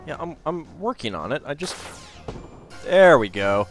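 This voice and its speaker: A man chats his way through a video game, thinking aloud and poking fun at himself as things go wrong. His voice sits slightly high and swings lively up and down. Faint game music plays behind him. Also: a little slow. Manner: chatty, thinking aloud, self-deprecating. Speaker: let's play host. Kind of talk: casual gameplay commentary.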